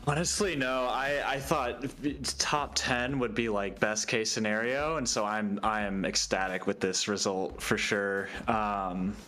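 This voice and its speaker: A young man, a sim racing driver, talking through his race in a relaxed, upbeat post-race interview with small hesitations. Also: lowish voice, unhurried, hardly any pauses, faint music behind.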